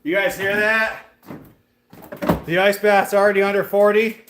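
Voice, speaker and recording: A man's voice: high-pitched, little pitch movement, a little slow, a bit bright, a little hiss or hum. A man running a fitness vlog, chatting casually and directly to his viewers while he works out. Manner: chatty, talks straight to viewers. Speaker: fitness vlogger. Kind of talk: casual live chat to viewers.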